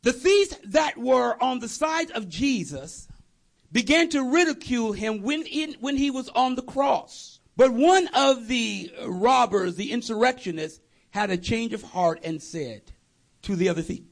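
Male preacher, storytelling sermon, animated and conversational, gravelly, very lively pitch. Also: unhurried. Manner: animated, conversational, jokey asides.

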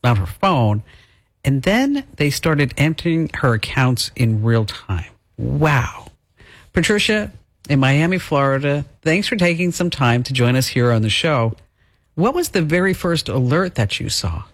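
A man's voice: mid-range voice, lively intonation, unhurried, no room sound. A man hosting a talk show, setting up a story and steering the guest with questions.

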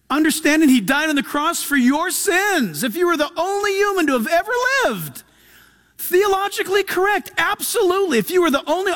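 A man with a high, light voice preaches to his congregation. He swings from loud, urgent appeals down to hushed, almost whispered asides. He acts out quick quoted lines as he tells his stories. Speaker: pastor. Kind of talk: sermon.

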